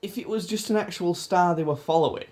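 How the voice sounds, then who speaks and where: A man's voice: sits high, fairly quick, a little mellow. A young man from England hosting a casual podcast, teasing his friend and laughing often. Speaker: podcast host. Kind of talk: casual chat.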